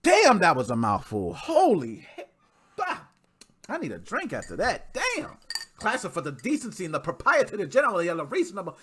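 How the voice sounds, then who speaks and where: Animated slangy podcast host guy. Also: high voice, a little fast, slightly rough. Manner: animated, slangy and joking, talks to listeners directly. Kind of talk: casual gaming podcast talk.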